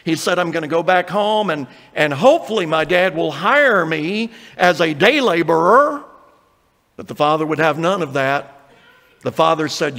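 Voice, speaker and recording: A man's voice: fairly high pitch, animated, unhurried, fairly bright tone, big-room sound. A male pastor preaching an earnest sermon, reading scripture aloud and acting out the quotes.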